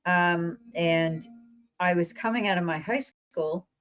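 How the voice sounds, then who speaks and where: A woman podcast host from central Pennsylvania, telling a story in a chatty, meandering, animated way over a remote call. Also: fairly low pitch, slow pace, rough recording. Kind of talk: casual storytelling chat.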